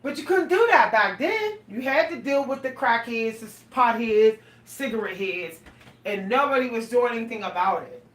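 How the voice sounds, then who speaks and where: This middle-aged female vlogger has a fairly high, slightly bright voice and talks at a moderate pace. She chats casually and animatedly with her viewers, often laughing and exclaiming. The room is echoey, and she sits a bit far from the mic.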